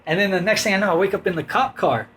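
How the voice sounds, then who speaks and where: A man's voice: sits high, fast, slight background noise. A man casually telling a long, rambling personal story, often quoting others and laughing along. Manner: rambling, animated anecdote with quoted voices and laughs.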